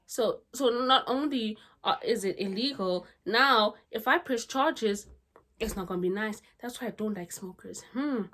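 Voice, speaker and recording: A woman book vlogger talking casually to her camera at home, chatty and animated, with asides and rants. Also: a little high, measured pace. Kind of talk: casual chat.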